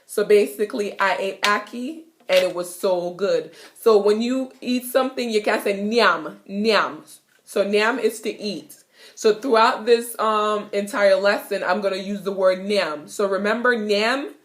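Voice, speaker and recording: Young woman, Jamaican accent, playful and giggly, casual kitchen vlog lesson. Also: mid-range voice. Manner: playful, giggly, repeats words slowly. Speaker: vlogger teaching patois. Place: home kitchen.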